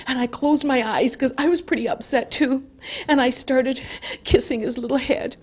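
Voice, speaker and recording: Middle-aged woman, animated comic storyteller, fairly high voice, slightly muffled audio. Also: normal speed, breathy edge. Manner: animated, laughs through the telling. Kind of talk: humorous personal anecdote.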